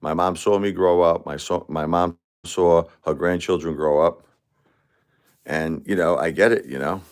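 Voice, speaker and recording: A man in his forties, grief-stricken, talking haltingly on a livestream as host and answering viewer comments. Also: low-pitched, fairly even intonation, smooth. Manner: halting and repetitive, many restarts and fillers.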